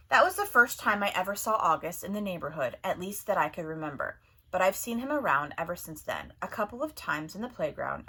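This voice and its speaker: A woman teacher reads a novel aloud to her class, telling it with plenty of expression. Her voice sits low and sounds husky. It is bright and lively in its rise and fall.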